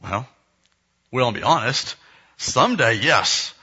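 Man in his thirties, pastor telling a family story in a sermon, bright husky voice, slightly muffled sound. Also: medium pitch, animated, slow. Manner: earnest storytelling, acting out family dialogue.

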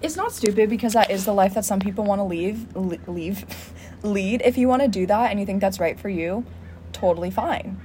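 A woman's voice: mid-range voice, fairly quick, dark tone, slight background noise. A young woman co-hosting a podcast, talking reflectively in a casual chat and filling her sentences with "like.". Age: young adult. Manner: reflective, rambling with many "like" fillers. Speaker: podcast co-host.

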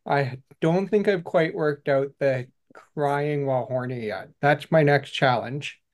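A man co-hosting a podcast, a writer chatting casually with relaxed, dry humor. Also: fairly high pitch, unhurried. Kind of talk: casual chat.

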